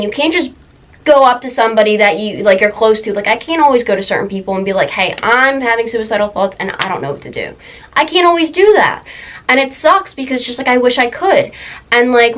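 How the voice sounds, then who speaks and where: A young woman telling a personal story in a confessional vlog, halting, full of fillers and close to tears. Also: mid-range voice, a bit bright, low-quality recording. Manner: emotional, halting, many fillers. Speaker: vlogger.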